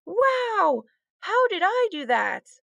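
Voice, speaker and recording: A woman's voice: very high voice, huge pitch swings, slow pace, fairly bright tone, no echo, muffled recording, pitched above the performer's own voice, heavily acted. A woman voicing a sweet young girl, wide-eyed and delighted. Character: sweet young girl, her best friend.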